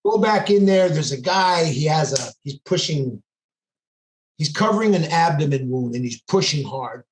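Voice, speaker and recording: His voice is on the high side and expressive, moving at normal speed. He's a police sergeant on a podcast, intensely telling a casual story and performing what each person said, with echo from the room around him.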